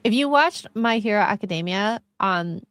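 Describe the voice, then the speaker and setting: A woman's voice: mid-range voice, expressive, moderate pace, a bit bright, clear, resonant tone, no echo. A woman hosting a casual livestream, reading out viewer comments in a teasing, giggly way. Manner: laughs often, casual and teasing.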